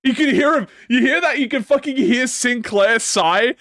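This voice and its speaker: A man hosting a casual gaming reaction, excitable and slangy, swearing and laughing often. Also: extremely high pitch, measured pace. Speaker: gaming channel host.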